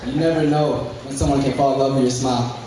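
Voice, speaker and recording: A young man giving a fervent motivational speech to a business group, repeating key phrases and breaking into shouts. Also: mid-range voice, steady tone, fast talker, very noisy. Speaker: motivational speaker at a business meeting. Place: large indoor hall with a live audience. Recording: very echoey hall, mic far off, crowd.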